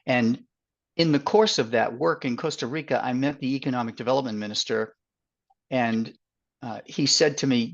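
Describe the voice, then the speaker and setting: An older man with a Boston accent, speaking as a guest consultant on a webinar over a video call, with many fillers and pauses. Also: medium pitch. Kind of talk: webinar interview. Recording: dull lo-fi audio.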